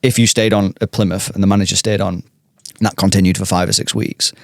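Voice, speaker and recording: A man talks in a loose, rambling style, stopping to restart his sentences, as a podcast host chatting. His voice is fairly low. The recording is dry and close. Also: level tone, fast talker, vocal fry, no room sound. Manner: rambling, many restarts and fillers. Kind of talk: casual chat.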